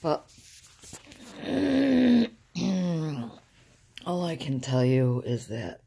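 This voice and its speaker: An older woman speaks from inside a car in a dark, mellow voice with plenty of gravelly fry. She rambles softly and haltingly to her viewers, losing her thread, trailing off and sighing between thoughts. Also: sits low, big pitch swings. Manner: soft-spoken, halting, trailing off with sighs. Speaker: vlogger. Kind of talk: rambling casual talk to camera.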